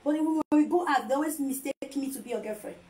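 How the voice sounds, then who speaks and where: High-voiced woman, playful and laughing. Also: quick pace, a little mellow, poor audio. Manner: playful, laughs often, teasing. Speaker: vlogger and mother. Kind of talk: casual chat to camera.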